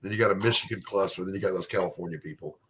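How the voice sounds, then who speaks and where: A man hosting a casual live chat, talkative and quick to laugh. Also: low voice, a bit bright, a little hiss or hum. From Southern United States. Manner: chatty, laughs easily. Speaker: livestream host.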